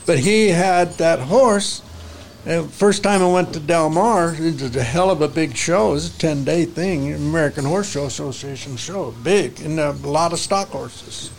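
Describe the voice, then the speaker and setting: A man's voice: on the high side, moderate pace, gravelly, slight background noise. An older man, a horse trainer, telling folksy stories in casual conversation with salty ranch talk. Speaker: interview guest, horse trainer.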